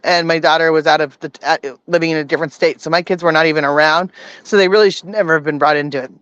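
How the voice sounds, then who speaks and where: A woman's voice: sits low, steady tone, fast, fairly bright tone, no room sound, lo-fi sound. A woman guest telling her story in casual chat, rambling with many false starts.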